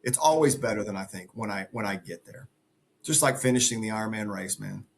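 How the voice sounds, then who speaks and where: A man's voice: fairly low pitch, a little fast, creaky. A middle-aged man speaking as a podcast guest, earnest and emphatic in a motivational way. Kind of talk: conversational interview.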